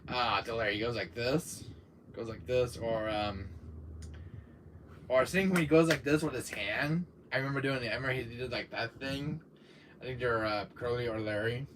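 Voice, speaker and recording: A man's voice: mid-range voice, normal speed, fairly bright tone, a little hiss or hum. A man hosting a gaming stream, chatting casually and rambling with many fillers and frequent laughter. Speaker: gaming channel host.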